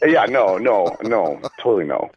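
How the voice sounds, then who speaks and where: A man's voice: lowish voice, big pitch swings, moderate pace, noisy background. A man who is a podcast guest, telling rambling stories in casual chat and making fun of himself, heard over a dull lo-fi remote line. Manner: rambling, self-mocking storyteller.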